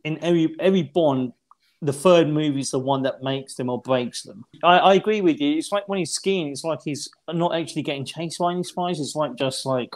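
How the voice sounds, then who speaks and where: A man giving opinions on a film in casual podcast chat, rambling and halting. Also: on the high side. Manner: rambling, halting, many restarts. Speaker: podcast co-host.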